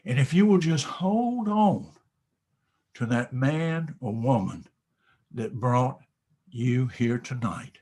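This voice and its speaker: A man giving a motivational speech, telling a story dramatically and swinging from whispers to loud bursts. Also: medium pitch, expressive, slow pace, husky. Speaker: motivational speaker.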